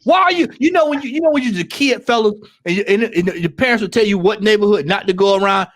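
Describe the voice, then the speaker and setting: A man with a Southern US accent on a football fan panel, ranting heatedly and repeating himself, now and then breaking into shouts. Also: sits high, quick pace, hardly any pauses. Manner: ranting, repetitive, rising to shouts.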